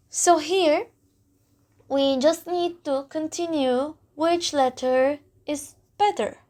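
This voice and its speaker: A woman teaching a beginner language lesson, repeating words slowly to model the sounds. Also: high-pitched, darkish tone. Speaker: Turkish teacher.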